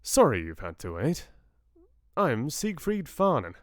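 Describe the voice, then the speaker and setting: A man's voice: mid-range voice, wildly swooping pitch, measured pace, dry recording, clean studio sound, pitched above the performer's own voice. Man doing an easygoing English vet. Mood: relaxed. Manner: offhand, apologetic. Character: amused, easygoing English country vet, tall and thin.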